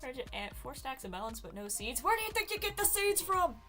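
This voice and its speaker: A woman's voice: sits high, big pitch swings, brisk, pushed and bright, faint music behind. A woman streaming a game, chatting casually and telling a rambling story with frequent laughs. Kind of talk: casual chat while gaming.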